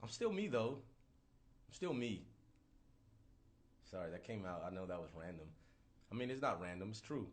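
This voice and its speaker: A man in his thirties ranting casually on a livestream, profane, rambling and animated. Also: fairly low pitch, normal speed, pauses often. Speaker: livestream host.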